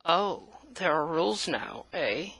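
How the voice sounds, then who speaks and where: A woman's voice: low voice, big pitch swings, slow pace, creaky, a bit bright, husky. A woman playing a sarcastic, defiant character who snaps back at the narrator. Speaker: protagonist in a comic audio story.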